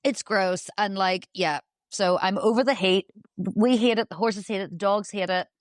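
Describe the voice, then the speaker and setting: A woman's voice: mid-range voice, normal speed, no echo. A woman guest on a podcast, chatting in a bubbly, rambling, self-deprecating way. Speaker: guest, dressage rider. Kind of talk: casual chat.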